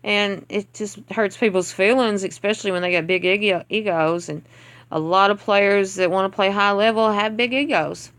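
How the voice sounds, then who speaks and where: A woman's voice: mid-range voice, steady tone, moderate pace, fairly bright tone. A woman leading a gaming clan, giving casual commentary over gameplay in a blunt, exasperated rant. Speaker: clan leader reviewing game attacks.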